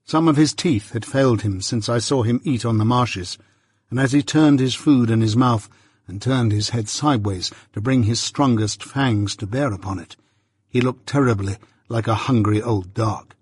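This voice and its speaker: A man reads a classic novel aloud in the first person, with steady, measured storytelling. His voice is slightly husky and mid-pitched. The recording is close and dry. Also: dry recording. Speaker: audiobook narrator. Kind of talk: scripted first-person narration.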